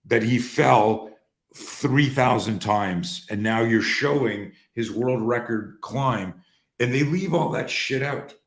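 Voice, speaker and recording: A man hosting and coaching on a call, telling stories in a lively, profane way and acting out the dialogue. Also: mid-range voice, takes it slowly, reverberant. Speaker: host and coach. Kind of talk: conversational storytelling on a call. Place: room on an online call.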